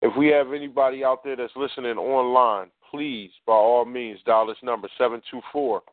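A man's voice: medium pitch, steady tone, moderate pace, no room sound. A man co-hosts a call-in radio show, making his points in a conversational, emphatic way and speaking straight to the listeners. His voice is dry and comes through a thin, tinny phone line. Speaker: talk radio co-host. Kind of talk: casual talk radio commentary.

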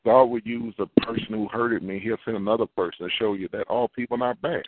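A man's voice: on the low side, fairly even intonation, fairly quick, dry recording. A man preaching an earnest, confessional sermon, repeating his key phrases as he goes. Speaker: prophet preaching. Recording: tinny phone-line sound, dry.

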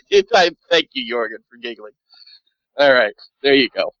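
A man's voice: mid-range voice, lively intonation, takes it slowly, fairly bright tone, no echo, lo-fi sound. A man running a tabletop game as game master, chatting loosely and swearing as he narrates. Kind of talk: casual tabletop game chat.

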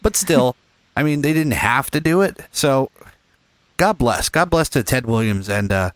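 A podcast host jokes and jabs in loose, profane banter. His pitch swings widely as he talks, and the studio mic sounds dry and close. He is sarcastic and quick to mock. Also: no echo, rough recording. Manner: lively, sarcastic, swears a lot.

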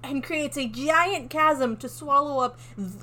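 A woman's voice: high-pitched, a little slow, pushed and bright. A woman co-hosting a podcast in casual chat, playful and laughing, acting out characters as she tells stories. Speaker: podcast co-host.

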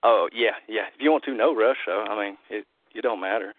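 A man's voice: lowish voice, fairly quick. A man phoning into a community call, talking loosely and agreeably in slangy casual speech. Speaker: caller running his own call. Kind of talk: casual phone chat. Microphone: phone. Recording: thin phone line.

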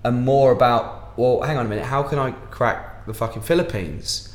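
A man's voice: medium pitch, normal speed, roomy sound. A man with an English accent, a guest musician in a casual podcast chat, talking animatedly and swearing freely.

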